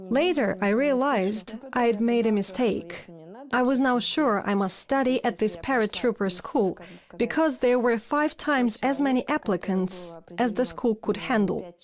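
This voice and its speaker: A young woman cadet at a paratrooper school, telling her story in an earnest, reflective dubbed voice-over. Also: fairly high pitch.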